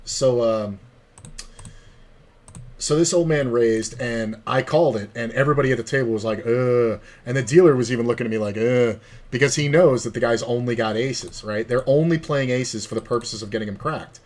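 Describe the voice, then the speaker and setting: A man's voice: mid-range voice, a little fast, darkish tone. A man streaming online poker who tells a long, profane story with quoted dialogue, in a casual, chatty way.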